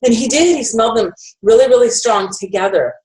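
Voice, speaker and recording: A woman's voice: fairly high pitch, brisk, darkish tone, low-quality recording. A middle-aged woman presenting essential oils, telling a personal story in a chatty way with fillers and self-corrections.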